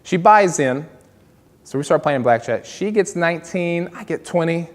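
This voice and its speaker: A male stand-up comedian with a somewhat high voice, rambling loosely through his stories with lots of fillers and asides. His voice carries a long reverb, like a big hall. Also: animated, normal speed.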